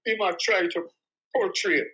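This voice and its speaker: A man's voice: high-pitched, fairly even intonation, moderate pace, pushed and bright, lo-fi sound. A man, agreeing and chiming in during casual chat. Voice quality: agreeing, chiming in with short replies.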